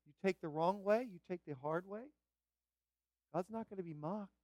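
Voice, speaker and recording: A man preaching a sermon as pastor, fervent and emphatic, building to loud repeated declarations. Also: sits high, moderate pace, no echo, studio quality.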